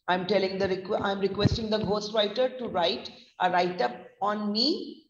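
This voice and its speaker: An Indian woman trainer explains pronunciation slowly and spells words letter by letter. Her voice has a slight gravelly edge. She sounds far from the mic in a long-echoing, dull-sounding room. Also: medium pitch. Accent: Indian English. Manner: slow deliberate spelling-out, mixing Hindi. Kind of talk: online vocabulary lesson. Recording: echoey distant lo-fi room mic.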